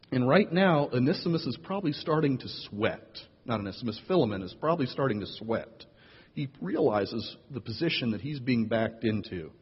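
A man's voice: medium pitch, big pitch swings, normal speed, breathy edge, in a large hall, lo-fi sound. A man preaching a sermon as pastor, with wry, playful asides.

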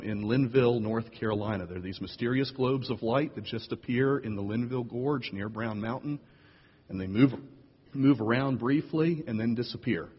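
A man preaching a sermon as pastor, playful and animated, jumping up in pitch to tease and draw in his listeners. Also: breathy edge. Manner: playful, animated storyteller with big jumps in pitch. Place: church sanctuary. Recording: lo-fi echoey hall recording.

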